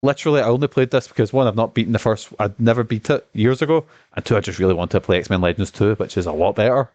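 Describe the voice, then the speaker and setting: A man commenting on a game during his stream, rambling, profane and excitable, with a cough. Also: lowish voice, fast, dry recording. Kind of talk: casual gaming stream commentary.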